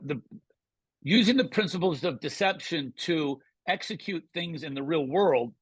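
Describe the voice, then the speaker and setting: A man with a husky, forceful, slightly high voice, talking in punchy showman patter. He speaks as a guest in a casual interview chat, and the sound is dry and close. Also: no echo. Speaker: guest magician.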